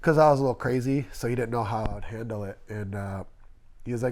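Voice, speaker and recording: Middle-aged guy rambling through stories, voices the people he quotes, average pitch. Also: fast, darkish tone. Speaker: tattoo artist guest. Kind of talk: casual storytelling interview.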